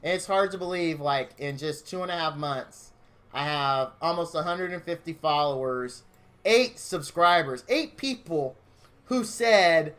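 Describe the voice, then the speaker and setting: A man's voice: on the high side, measured pace, fairly bright tone. A man streaming from his home game room, chatting casually with viewers in a gushing, openly emotional, rambling way.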